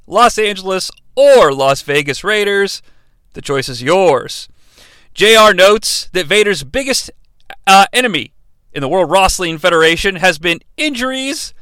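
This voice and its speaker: A man's voice: sits high, pushed and bright, clear, resonant tone, no room sound, studio quality. A man hosting a podcast, reviewing a wrestling match solo in a profane, sarcastic, mock-outraged way. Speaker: podcast host.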